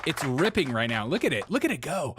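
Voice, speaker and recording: A man hosting a livestream commentary show, animated and giggly, laughing through his words. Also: a little high, normal speed, background noise. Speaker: show host.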